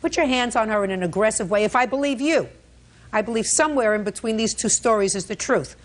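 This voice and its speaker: A woman's voice: a little high, fast. A woman presiding as a television court judge, questioning the parties bluntly and scolding them as she cuts in.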